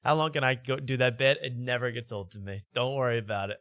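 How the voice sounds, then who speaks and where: A man's voice: mid-range voice, steady tone, fast, a bit bright, no room sound. A male talk show host bantering casually, joking and laughing often.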